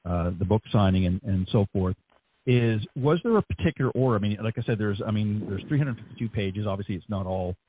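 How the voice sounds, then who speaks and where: A man's voice: lowish voice, fast, a little hiss or hum. A male host asking long, rambling interview questions full of fillers. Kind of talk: casual interview. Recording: tinny phone line.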